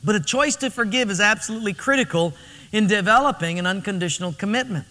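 A man preaching a sermon as pastor, telling stories in an emphatic, animated way, in a reverberant church hall. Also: sits high, fast.

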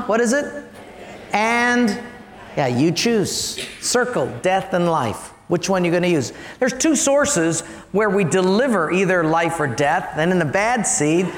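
High-voiced male pastor, animated, engaging the room, long hall reverb. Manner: animated storytelling, engages congregation. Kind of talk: sermon.

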